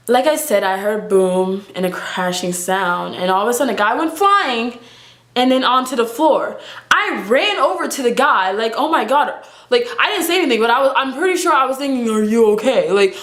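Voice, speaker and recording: A young woman's high, bright voice carries a casual storytime vlog, animated and dramatic. She acts out her own reactions in the retelling. Her voice rings in an echoey room. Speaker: vlogger.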